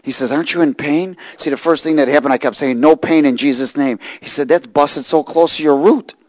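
A man preaching a sermon, reading scripture and telling a lively personal story. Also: on the high side, brisk, no echo, rough recording. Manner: animated storytelling, rising to shouts and laughter.

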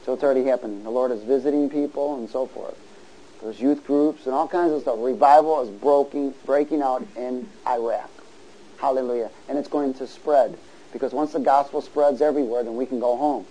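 Male preacher, sermon, call-and-response, mellow tone, faint noise behind. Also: medium pitch, steady tone, fairly quick, poor audio. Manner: call-and-response, rising to loud exhortation.

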